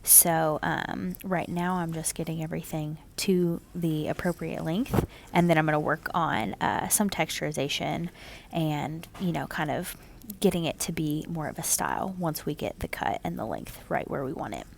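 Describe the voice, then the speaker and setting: A woman casually narrating her home haircut video, chatty and relaxed, with lots of "um"s and "kinda"s. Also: sits low, normal speed, vocal fry, slight background noise.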